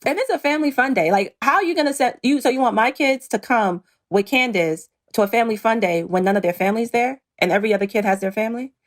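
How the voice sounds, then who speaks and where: A woman's voice: fairly high pitch, fast, hardly any pauses. A middle-aged woman, a reality show cast member, talking earnestly and pointedly in an interview, acting out what others said. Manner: earnest, pointed, quotes others in lively voices. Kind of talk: emotional interview talk.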